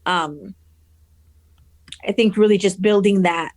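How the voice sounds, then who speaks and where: A woman's voice: medium pitch, steady tone, takes it slowly. A woman school principal answering in a podcast interview, earnest and encouraging. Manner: earnest and encouraging, many fillers.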